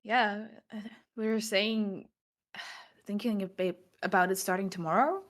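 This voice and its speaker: A woman in a casual tabletop role-play who speaks hesitantly and thinks aloud as she talks. Her pitch is middling and even. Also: measured pace. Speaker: player.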